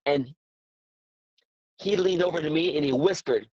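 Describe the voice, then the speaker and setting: Earnest storytelling man, slightly high voice. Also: unhurried, dry recording, muffled recording. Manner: earnest, excitable storyteller who repeats words. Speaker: guest, boxing trainer. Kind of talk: casual interview storytelling.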